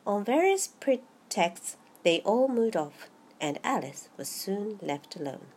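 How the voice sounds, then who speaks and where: Woman host reading storybooks aloud, husky and animated. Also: on the low side. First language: Japanese. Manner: halting, with restarts and Japanese asides. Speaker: host, reader.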